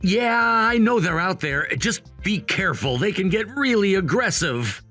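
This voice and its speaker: A man's voice: high-pitched, expressive, unhurried, bright, forceful tone, faint music behind, heavily acted. A man voicing a calculating grown son who talks in a firm, matter-of-fact way, in a voiced story drama. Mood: cold.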